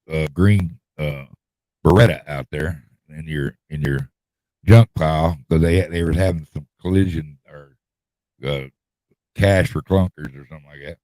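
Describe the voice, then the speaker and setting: A man's voice: low-pitched, normal speed, mellow, no echo. A middle-aged man, telling a long rambling story in a folksy drawl and repeating himself as he goes. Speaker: podcast host telling a story. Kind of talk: casual storytelling chat.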